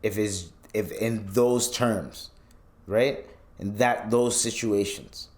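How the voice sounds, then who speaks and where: A man's voice: on the low side, slow. A man hosting a podcast, telling stories in a loose, profane rant and acting out the people he quotes. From Canada. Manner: animated storytelling, acts out quotes, swears freely. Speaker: podcast host. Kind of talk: casual commentary rant.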